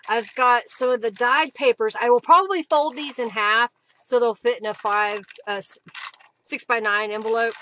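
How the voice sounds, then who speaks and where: A woman hosting a live craft stream, chatting casually, thanking viewers by name and often clearing her throat. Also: on the high side, pushed and bright, slight background noise.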